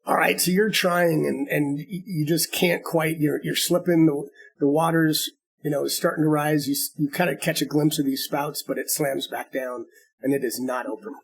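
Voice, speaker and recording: A man's voice: fairly high pitch, fairly even intonation, normal speed, creaky, slightly rough. A man narrating as game master, patiently explaining the rules step by step.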